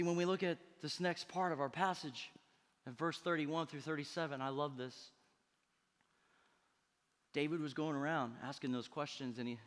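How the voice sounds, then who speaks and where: A man's voice: on the high side, big-room sound. A male pastor preaching a sermon with emphatic delivery, tossing questions to the congregation. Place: church sanctuary.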